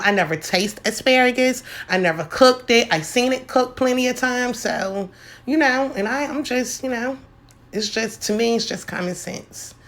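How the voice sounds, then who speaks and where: A chatty middle-aged woman walks viewers through a home cooking demonstration. Her voice carries a gravelly fry, and her talk is folksy and loose. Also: mid-range voice.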